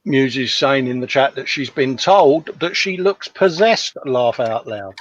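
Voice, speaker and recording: A man's voice: medium pitch, expressive, unhurried, dull audio, a little hiss or hum. A man co-hosting a casual live chat, joking and laughing as he goes. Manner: jokey, laughs often. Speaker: co-host.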